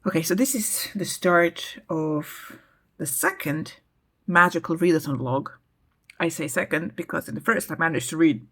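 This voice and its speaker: A woman's voice: deep voice, a bit bright. A woman hosting a casual book vlog, chatting in a rambling way with frequent hesitations. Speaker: book vlogger, channel host.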